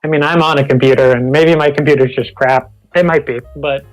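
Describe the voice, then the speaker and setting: A man with a middle-pitched voice chats over a remote call, cracking playful jokes between points. Faint music runs underneath. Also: steady tone, brisk, rough recording. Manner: playful, joking asides, frequent "like" and restarts. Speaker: co-host joining remotely. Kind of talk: casual livestream chat.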